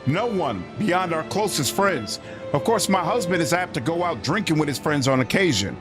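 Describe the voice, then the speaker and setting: Man reading prim well-bred lady, flustered, apologetic, lively pitch, game music behind. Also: normal speed. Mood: earnest. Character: flustered wealthy lady of a robbed manor. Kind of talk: reading game dialogue aloud.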